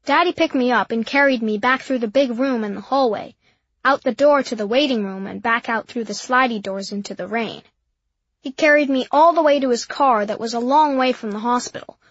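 A woman with a fairly high voice narrates a children's story in a boy's first-person voice. Her telling is simple and earnest, on a dull, dry, lo-fi recording. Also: fairly bright tone, breathy edge, no echo. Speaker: audiobook narrator.

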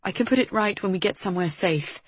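A woman's voice: medium pitch, fast, slightly rough, dry recording, lightly acted. Narrator doing a clipped, no-nonsense young woman, kinda biting. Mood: matter-of-fact. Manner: matter-of-fact, clipped. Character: young woman fighter, sensible but biting.

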